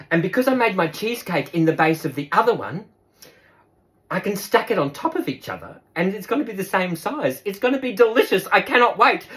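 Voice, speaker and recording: A man's voice: high voice, a bit bright. A man with an Australian accent giving a casual cooking demonstration, chatty and upbeat and talking straight to his viewers.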